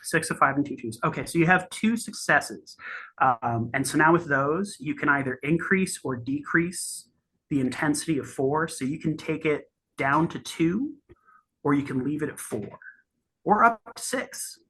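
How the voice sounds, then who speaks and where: A game master narrating a tabletop game in a halting way, with many restarts and fillers. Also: medium pitch, expressive, bright, forceful tone, breathy edge.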